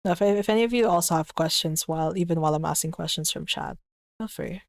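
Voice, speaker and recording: A woman's voice: fairly low pitch, quick pace, dry recording. A woman streaming from her room, chatting casually with her chat, giggly and gushing, swearing lightly. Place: her own room at home.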